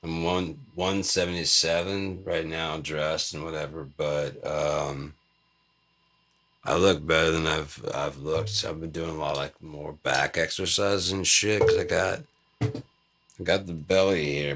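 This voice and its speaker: A man talks to camera in a loose, rambling monologue full of profanity and offhand jokes. His voice is very low and gravelly, and he talks at an unhurried pace. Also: level tone, a bit bright. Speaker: vlogger.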